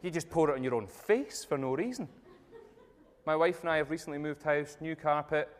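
A man giving a jokey, energetic talk to a live audience, telling stories and speaking directly to the crowd. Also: fairly high pitch, a little fast. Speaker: motivational speaker. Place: event room with tables and audience. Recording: long reverb of a large hall.

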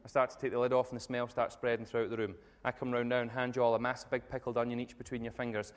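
A man giving a jokey, energetic talk to a live audience, telling stories and speaking directly to the crowd. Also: mid-range voice, racing. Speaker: motivational speaker. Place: event room with tables and audience. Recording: long reverb of a large hall.

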